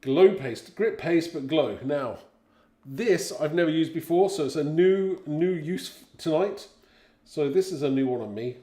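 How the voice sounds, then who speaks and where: A man's voice: a little high, lively intonation, unhurried, mellow, echoey room. Chatty British man hosting a craft stream. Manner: chatty, reads viewer comments aloud, laughs often. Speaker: craft livestream host. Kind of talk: casual live chat and craft demo.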